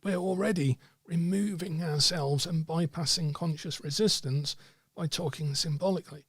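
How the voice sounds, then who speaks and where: A man teaching tarot reading, speaking in a measured, explanatory way. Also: a little high, vocal fry, slightly rough, dry recording. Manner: measured, explanatory, acts out client dialogue. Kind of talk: teaching talk with acted examples.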